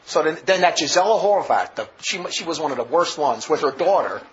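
A man's voice: fairly high pitch, expressive, brisk, slight background noise. A man preaching a sermon full of stories, vehement and rambling, with many restarts, on a dull lo-fi recording.

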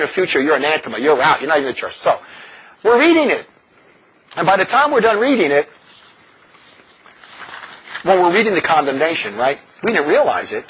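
A man's voice: a little high, slightly rough. A man speaking as a religious brother in an impassioned, mocking talk, laughing often. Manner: animated, mocking, with frequent laughs. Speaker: religious brother leading a community. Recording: dull lo-fi recording.

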